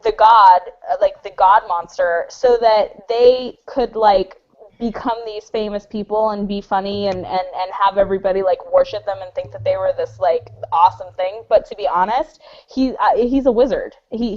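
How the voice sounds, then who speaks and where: A woman's voice: mid-range voice, moderate pace. A woman on a comedy panel game, rambling through an improvised answer with many fillers. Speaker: panel contestant. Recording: muffled lo-fi recording.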